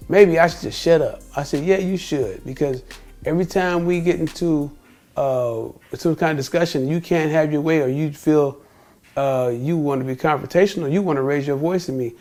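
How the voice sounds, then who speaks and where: Middle-aged man, casual vlog storyteller, repeats himself, slightly high-pitched. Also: moderate pace, a little mellow, soft background music. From United States. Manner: rambling, repeats himself, quotes people in dialogue. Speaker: vlogger.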